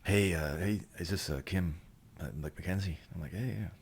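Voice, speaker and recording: Very deep-voiced man telling a story. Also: moderate pace, slight background noise. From Canada. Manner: profane, rambling, swings into loud laughing bursts. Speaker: podcast guest. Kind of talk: casual storytelling chat.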